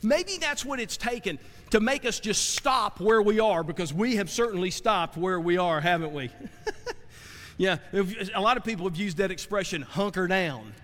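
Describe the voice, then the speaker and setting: A man's voice: high-pitched, a bit bright. A man preaching a sermon as a pastor, earnest and repetitive, often restarting his sentences and asking rhetorical questions. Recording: long hall reverb.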